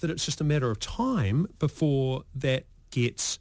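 A man's voice: medium pitch, expressive, measured pace, a little mellow, no echo. A male radio host, chatting in a loose, jokey way and tumbling over repeated words. His voice is close and dry on a studio microphone. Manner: jokey, rambling, stammers on repeats. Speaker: radio talk show host. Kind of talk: casual radio chat.

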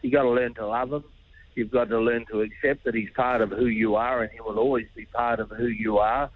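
A man's voice: medium pitch, fairly even intonation, fairly quick, no echo, narrow, tinny audio. A middle-aged man, a charity founder speaking earnestly and informally as a radio guest. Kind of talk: radio interview.

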